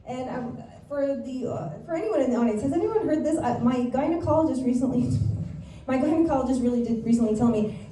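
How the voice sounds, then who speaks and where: A woman performs stand-up in a chatty, confiding style, pausing on fillers as she goes. Her fairly high voice is caught from a distance in a roomy space, with clear noise in the background. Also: expressive, dark tone. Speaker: stand-up comedian. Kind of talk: stand-up comedy set. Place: comedy club stage with live audience. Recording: roomy club sound from a distance, noisy.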